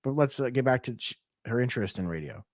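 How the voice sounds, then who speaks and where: A man's voice: mid-range voice, lively intonation, fast talker, no echo, clean studio sound. A man in his thirties co-hosting a podcast, blunt and joking in casual profane chat. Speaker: podcast co-host.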